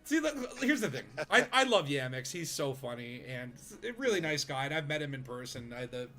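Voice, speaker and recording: Bright-voiced chatty male streamer. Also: mid-range voice, big pitch swings, brisk. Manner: chatty, many fillers and restarts, laughs easily. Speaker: streamer playing with friends. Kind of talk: casual gaming chat.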